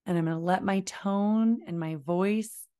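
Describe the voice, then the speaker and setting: A woman giving a parenting lesson, talking in a calm, deliberate way and modeling slow, low phrases. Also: clean tone. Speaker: parenting educator. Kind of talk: instructional talk to camera.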